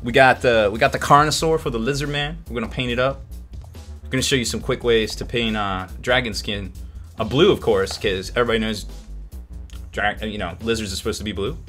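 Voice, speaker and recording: A man's voice: medium pitch, fairly quick, fairly bright tone, faint music behind. A man hosting a hobby painting show in casual live-stream chat, upbeat and rambling, laughing often.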